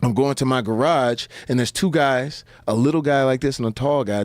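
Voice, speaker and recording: Male talk-show guest, animated storyteller who mimics the people he quotes, dry close recording. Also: fairly quick, hardly any pauses, dry recording. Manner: acts out quotes in high put-on voices.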